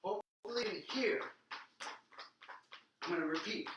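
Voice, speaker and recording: A man's voice: high-pitched, measured pace, echoey room, muffled recording, noisy background. A man teaching a live online dance lesson, coaching and counting out beats while he dances, a little out of breath. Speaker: swing dance instructor.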